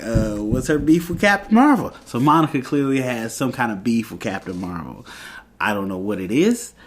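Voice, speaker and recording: A man recapping a TV episode in a casual, rambling way, with lots of fillers and restarts. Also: fairly low pitch. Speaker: TV reviewer.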